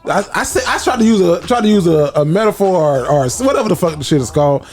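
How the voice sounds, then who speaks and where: Lively high-voiced man swapping stories. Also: fast talker. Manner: animated storyteller, swears freely, acts out quotes. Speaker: podcast co-host. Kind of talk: casual comedy podcast chat.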